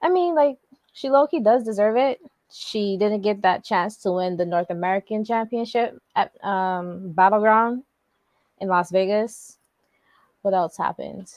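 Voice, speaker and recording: A woman co-hosting a podcast recaps a wrestling show in casual chat, loose and rambling with lots of fillers and slang. Her mid-range voice is a little slow and mellow, with no echo.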